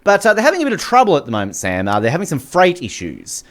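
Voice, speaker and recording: A man's voice: on the high side, huge pitch swings, fast. An Australian man hosting a radio show in casual, joking banter. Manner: joking, rambling, laughs often. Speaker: radio host.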